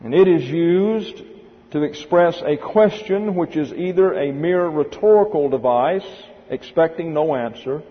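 A man with a slightly raised pitch lectures methodically, taking his time and spelling out terms letter by letter. The recording is dull and lo-fi, and his voice rings with a long hall reverb. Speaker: Bible teacher. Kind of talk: classroom lecture on Greek grammar.

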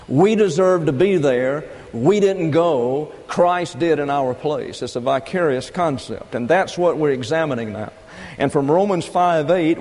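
A man preaching a doctrinal sermon, teaching in a measured, methodical way and repeating key phrases. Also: a little high, a little mellow. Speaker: pastor. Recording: long reverb of a large hall.

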